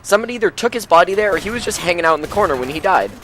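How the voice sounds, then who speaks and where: A man's voice: high voice, expressive, rapid-fire, a bit bright, a little hiss or hum. Dry, sarcastic gamer guy. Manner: dry sarcastic joking, dropping to a mutter. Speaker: co-commentator watching the game. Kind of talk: casual let's play commentary.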